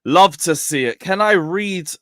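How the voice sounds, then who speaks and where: A young man hosting a casual football livestream, mocking and swearing, swinging between loud outbursts and muttered asides. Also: high-pitched, unhurried, no room sound, clean studio sound. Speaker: football channel host.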